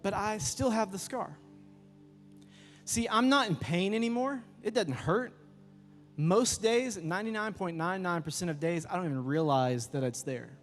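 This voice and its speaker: A man, preaching a youth sermon and telling stories with lively acted-out voices. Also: high voice, normal speed. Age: 30s. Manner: lively storytelling, acts out voices. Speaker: youth pastor. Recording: echoey hall with music behind.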